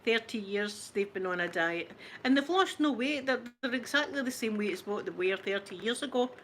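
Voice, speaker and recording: Scottish lady late 40s, chatty and self-mocking, bit higher voice, faint hiss behind. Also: expressive, normal speed, a bit bright. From Scotland. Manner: chatty, self-mocking, laughs often, acts out family voices. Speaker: ASMR channel host chatting with viewers. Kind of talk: casual chat.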